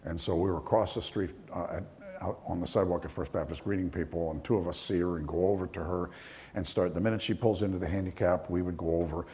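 A man preaching a sermon in a low, mellow voice, moving easily between everyday anecdotes and points made with rising fervor. His delivery stays conversational and story-driven, with plenty of restarts as he talks. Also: fairly even intonation, fast. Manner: conversational storytelling, voice climbing higher and louder when preaching. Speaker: pastor. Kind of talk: sermon with personal stories.

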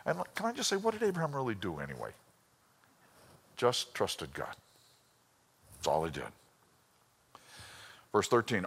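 A man preaching a sermon, telling a personal story with emotion and swinging between loud bursts and hushed lines. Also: fairly low pitch, wildly swooping pitch, normal speed, long pauses, breathy edge, in a large hall. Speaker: pastor.

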